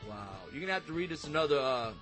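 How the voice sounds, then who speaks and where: A high, bright male voice belongs to a man hosting a loose, joking chat. He rambles and restarts often. His easygoing delivery stays casual throughout. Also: animated, rapid-fire, soft background music. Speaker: show host.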